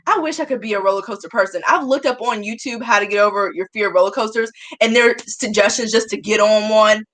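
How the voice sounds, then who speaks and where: A woman's voice: mid-range voice, normal speed, fairly bright tone. A young woman chatting casually to her viewers, self-mocking and often laughing. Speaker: vlogger.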